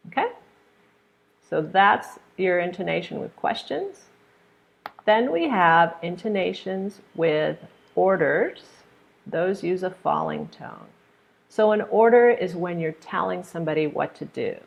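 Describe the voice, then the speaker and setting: A woman's voice: on the low side, expressive, measured pace, creaky, highs cut off. An American woman teaching pronunciation in a live online lesson, patiently demonstrating intonation with examples. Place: hot room.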